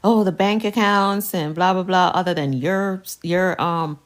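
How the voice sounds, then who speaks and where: A woman's voice: lowish voice, unhurried, close to an everyday voice. A woman voicing her cheating husband, a defensive, pushy man who blusters through his protests while she retells the story. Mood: grasping. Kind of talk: acted quote in a storytime video.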